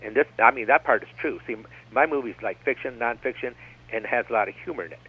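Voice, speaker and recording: A man's voice: medium pitch, fast, slightly rough. A man speaking as a radio guest, rambling and digressive, often circling back with "like I said.". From United States. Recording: tinny phone-line radio broadcast.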